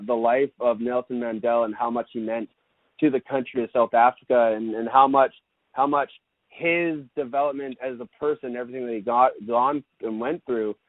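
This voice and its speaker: A man's voice: medium pitch, no room sound. A Canadian man, a lacrosse broadcaster, chatting easygoing as a podcast guest and repeating words as he thinks. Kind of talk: casual interview chat. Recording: tinny phone-like remote line, dry.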